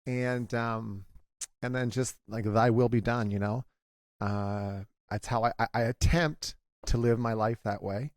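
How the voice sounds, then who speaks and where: Gravelly halting man in his forties. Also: medium pitch, no room sound, studio quality. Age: 40s. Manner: halting and confessional, with frequent restarts. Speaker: guest. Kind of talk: candid conversation.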